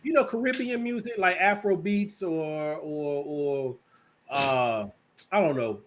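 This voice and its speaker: A man's voice: a little high, slow pace, a little hiss or hum. A middle-aged man chatting casually on a video call, rambling, joking and laid-back.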